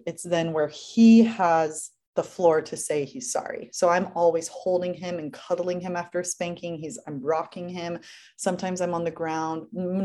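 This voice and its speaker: A woman's voice: fairly low pitch, a little mellow. A young woman, a working mother, explaining her family routine step by step in an earnest, casual interview chat. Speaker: guest mother.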